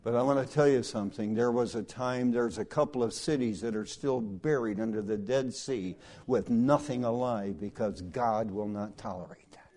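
A middle-aged male preacher delivering a sermon through folksy personal stories, swinging from hushed asides to loud, emphatic lines. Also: medium pitch, moderate pace.

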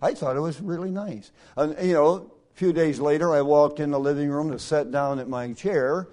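A middle-aged male preacher delivering a sermon through folksy personal stories, swinging from hushed asides to loud, emphatic lines. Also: on the high side, normal speed.

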